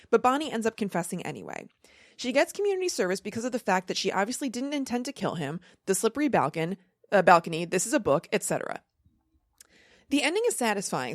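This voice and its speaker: A woman's voice: mid-range voice, no room sound, clean studio sound. A woman hosting a book-club podcast, summarizing a novel in a breezy, joking way with casual swearing. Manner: breezy, profane, summarizing with jokes. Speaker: podcast host.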